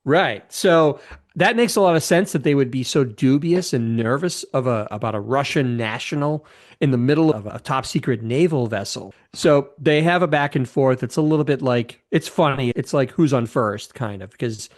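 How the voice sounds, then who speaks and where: A man's voice: mid-range voice, moderate pace. A man in his fifties co-hosting a casual film discussion, retelling scenes with enthusiasm, rambling and restarting his sentences. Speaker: podcast co-host.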